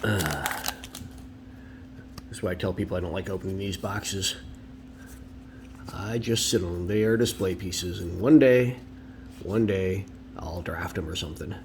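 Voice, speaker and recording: A man's voice: low voice, normal speed, long pauses, background noise. A man hosting a casual card-opening video at home, chatty and opinionated, with rambling asides. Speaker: card collector and video host.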